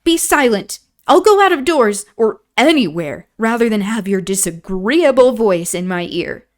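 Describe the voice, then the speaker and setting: A woman voicing a proud, sharp-tongued young woman who snaps at everyone around her in clipped, indignant outbursts. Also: fairly high pitch, expressive, normal speed, natural voice. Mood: scornful.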